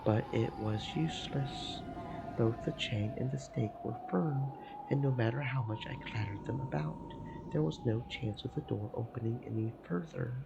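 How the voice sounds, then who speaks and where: A man streaming a let's play, reading first-person visual novel narration aloud in a slow, emotive way with game music behind. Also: mid-range voice, vocal fry. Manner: slow, emotive reading that swells into panicked repetition.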